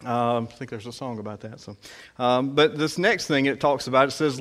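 Halting conversational male preacher. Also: mid-range voice, steady tone, a bit bright. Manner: conversational, halting, many fillers. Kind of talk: sermon.

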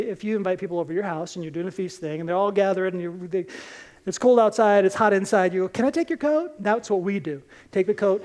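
In a mid-range voice, a woman gives a sermon, relating Bible stories in an animated, chatty manner while acting out the quotes.

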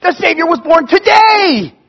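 A man voicing amazed ordinary shepherds in a sermon story, exclaiming loudly and in disbelief. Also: very high-pitched, animated, unhurried, breathy edge, full character voice. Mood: astonished. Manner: loud astonished exclaiming.

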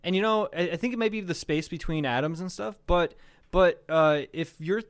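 A man co-hosting a casual podcast, his voice sitting a bit high for a man. He tells stories in a loose, rambling way, full of swearing and laughter, in relaxed back-and-forth chat. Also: moderate pace, smooth, no echo. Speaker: podcast co-host.

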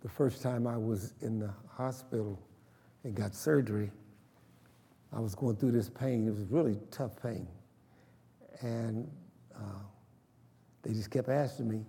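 A man's voice: on the low side, unhurried, pauses often, mellow, breathy edge, in a large hall. A man preaching a sermon, emphatic and calling for responses from the congregation. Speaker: pastor.

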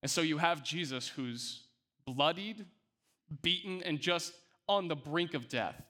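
A man's voice: fairly high pitch, expressive, unhurried, sharp tone. A male pastor preaching a sermon, speaking emphatically and often repeating words as he restarts.

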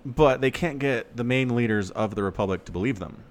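A man co-hosting a podcast, in casual, animated chat with sarcastic asides. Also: mid-range voice, brisk. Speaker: podcast co-host.

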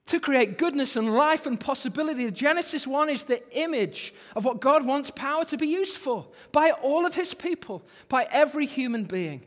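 A man preaching a sermon, animated, with phrases repeated for emphasis. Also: very high-pitched, normal speed, few pauses. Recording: long hall reverb.

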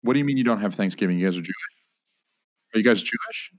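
An American man hosting a podcast, joking with his guests in a teasing, deadpan way. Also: lowish voice, fast talker, dry recording, clean studio sound. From United States. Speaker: podcast host. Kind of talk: casual podcast banter.

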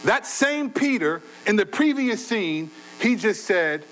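A man preaching a sermon in a conversational way, his voice swinging between loud bursts and quiet, low asides. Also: sing-song, slow, a little hiss or hum, low-quality recording. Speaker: pastor.

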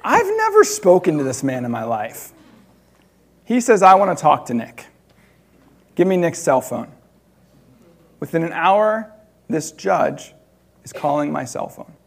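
A man preaching, telling a personal story in an animated way with laughter between loud and hushed moments. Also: on the high side, unhurried, creaky, pauses often.

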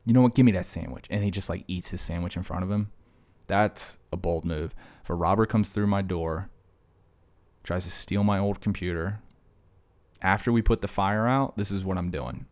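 A man's voice: low voice, fairly even intonation, normal speed. A man talking casually to camera in a vlog, rambling and joking as he drifts between stories. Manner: joking, digressive storytelling. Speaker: vlogger.

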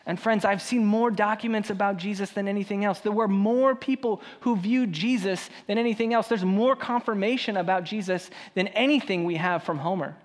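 Man, pastor, sermon, fairly high voice, passionate, long hall reverb. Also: brisk, few pauses. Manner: passionate, swings between loud emphasis and soft asides.

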